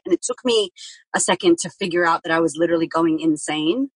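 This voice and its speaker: A woman with a lowish, husky voice tells her story candidly as a podcast guest. She speaks frankly and vividly, swears now and then, and acts out the things she said at the time. The recording is close and dry. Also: steady tone, quick pace, fairly bright tone, no echo, low-quality recording.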